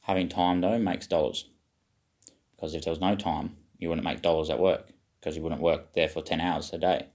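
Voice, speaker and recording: A man's voice: deep voice, fairly even intonation, moderate pace, a little mellow. A man giving a rambling, self-questioning spiritual monologue to his viewers, swearing now and then. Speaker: vlogger.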